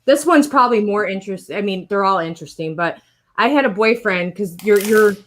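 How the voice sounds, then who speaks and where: A woman telling a personal story in casual conversation, rambling and animated, acting out the voices of the people in it. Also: medium pitch, fairly quick, a little hiss or hum. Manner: rambling, animated retelling with quoted voices and laughs. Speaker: guest sharing a personal story.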